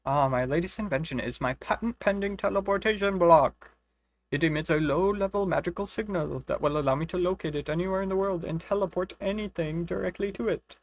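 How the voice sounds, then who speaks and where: A man's voice: high voice, a little fast, voice pushed up. A man voicing a boastful, eccentric male wizard inventor in a pompous, self-satisfied way while reading game dialogue.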